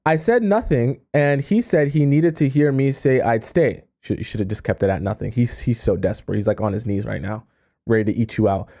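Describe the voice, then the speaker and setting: Mellow-voiced male dating coach streaming. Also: mid-range voice, brisk. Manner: reads viewer messages aloud and reacts in exasperated asides. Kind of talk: live-stream advice commentary.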